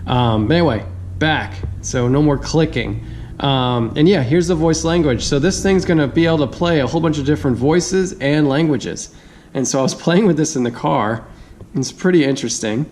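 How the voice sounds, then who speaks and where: A man's voice: a little high, moderate pace, darkish tone, a little hiss or hum. A man giving a casual hands-on product review, chatty, thinking aloud and laughing easily.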